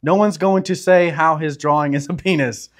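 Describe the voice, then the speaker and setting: A man's voice: fairly high pitch, moderate pace. A young man with a Southern accent reading viewer comments aloud, brash and crude with a joking bravado. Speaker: show guest reading comments.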